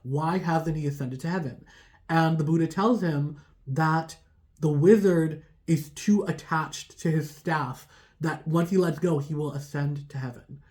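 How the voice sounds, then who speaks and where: A tarot reader retells a folk tale in loose, chatty speech, leaning on fillers and quick restarts. The delivery is informal and conversational throughout. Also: mid-range voice, darkish tone. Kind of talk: casual storytelling.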